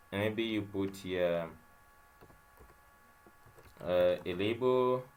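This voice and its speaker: Slow, low-voiced man teaching code. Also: a little hiss or hum. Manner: thinks aloud while typing code, many fillers and repeated phrases. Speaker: web development tutor. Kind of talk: screen-share coding tutorial.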